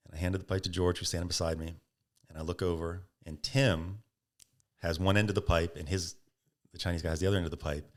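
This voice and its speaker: Deep-voiced man telling a story. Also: quick pace. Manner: animated, acts out quotes with laughs. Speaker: podcast guest. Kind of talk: casual storytelling.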